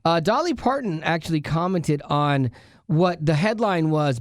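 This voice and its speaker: A man's voice: a little high, animated, unhurried, dry recording, studio quality. A man hosting a radio show, chatting casually and rambling with lots of fillers. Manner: rambling, many fillers and restarts. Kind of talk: casual chat. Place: radio studio.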